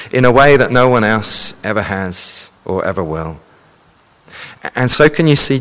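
A man's voice: mid-range voice, a bit bright, big-room sound. A man preaching a sermon, earnestly explaining and reading scripture passages aloud to a congregation.

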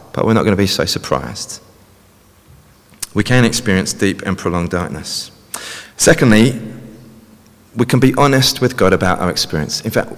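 A man preaching a sermon in a conversational way, often ending points with tag questions. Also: deep voice. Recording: long reverb of a large hall.

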